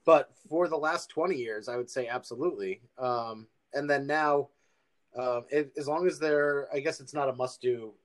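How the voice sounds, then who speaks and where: A man hosting a podcast in casual chat, laid-back and pausing often with ums. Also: mid-range voice. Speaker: podcast host.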